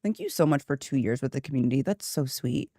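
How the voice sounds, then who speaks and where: A woman streamer chatting casually from her home office into a studio mic, a little tired and mellow, often breaking into laughter. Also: very deep voice, lively intonation, fast, no room sound. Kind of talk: casual chat on a gaming stream. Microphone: new studio microphone.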